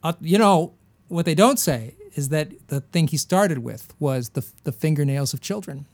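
A man co-hosting a comedy podcast, rambling through history with absurd deadpan jokes. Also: fairly high pitch, moderate pace. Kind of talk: casual comedic chat.

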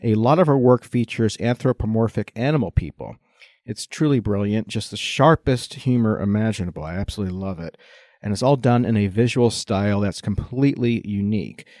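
Male podcast host, fairly low voice, dry close sound, enthusiastic scripted intro. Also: brisk, a little mellow, no room sound. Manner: enthusiastic, admiring.

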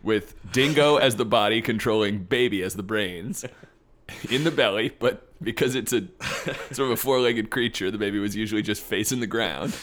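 A man's voice: lowish voice, normal speed, a bit bright. A man hosting a comedy podcast, riffing in improvised, mock-serious banter. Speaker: podcast host.

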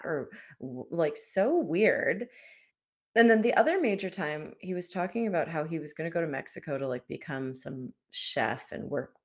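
A woman in casual chat, telling an animated story about a bad date and mimicking the man's lines. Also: on the low side.

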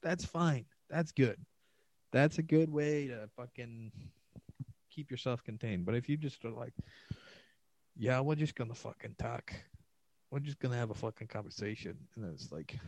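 Rambling, profane comedian talking solo. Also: male voice, medium pitch, moderate pace, dark tone, dry recording, poor audio. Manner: rambling, profane, self-mocking. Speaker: comedian podcast host. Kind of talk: solo podcast monologue.

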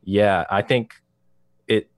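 A man on a podcast, calmly talking through his views in a measured, analytical way. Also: on the low side, clear, resonant tone, no room sound. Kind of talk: casual podcast chat.

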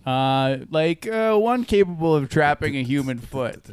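A man with a slightly raised pitch, playing a tabletop role-playing game with friends. He talks loosely and rambles, laughing often as he plans his moves. The sound is dry and close. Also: lively intonation, unhurried, smooth, no echo. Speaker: player. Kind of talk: tabletop role-play, casual.

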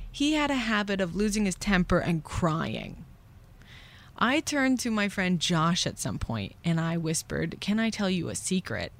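A young adult woman hosting a podcast, telling a confessional story in a candid, rueful way. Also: mid-range voice. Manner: candid, rueful, acts out voices in quick whispers and shouts. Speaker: podcast host.

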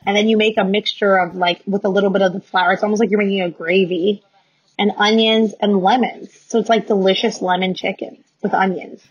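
A woman with a Canadian accent in casual conversation as a co-host, frank, profane and quick to laugh. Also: mid-range voice, steady tone, slightly rough, dull audio. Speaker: podcast co-host. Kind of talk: casual chat.

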